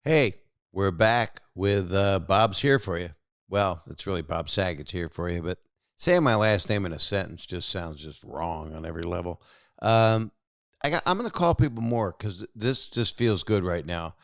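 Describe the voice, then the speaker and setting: In studio-quality audio with no room sound, a man in his sixties hosts a call-in show, his low voice lively in intonation at normal speed. He tells rambling stories in a casual chat with callers, frequently interrupting himself.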